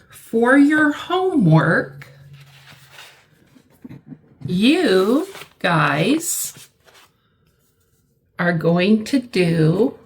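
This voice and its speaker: A middle-aged woman teaching a vocabulary lesson, slow and deliberate, repeating words for her learners. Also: mid-range voice.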